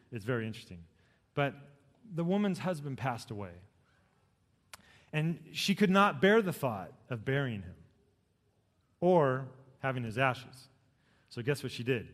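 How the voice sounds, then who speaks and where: A male pastor preaching a sermon, dramatic, swinging from loud emphatic peaks to soft low lines. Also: big-room sound.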